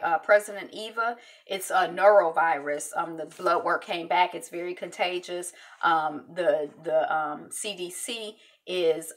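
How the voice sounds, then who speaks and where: A woman with a lowish voice talks through a TV episode in a loose, chatty way. She fills gaps with ums and jumps up in pitch to act out the characters' lines. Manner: chatty, many ums, acts out quotes in lively voices. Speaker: TV recap host. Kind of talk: casual TV episode recap.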